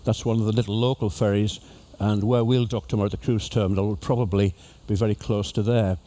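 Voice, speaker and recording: Guy doing an after-dinner talk on a cruise, warm easygoing voice, cracks jokes. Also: lowish voice, fairly even intonation, quick pace. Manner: jokey, chatty storyteller addressing an audience. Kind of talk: humorous illustrated talk. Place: ship lecture venue.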